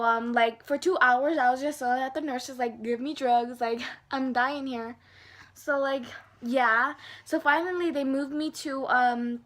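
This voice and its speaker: A young woman tells a story straight to her camera, her voice sitting high for a woman. She talks casually with a constant stream of fillers and acts out what everyone said. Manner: animated, lots of fillers, acts out dialogue. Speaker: vlogger.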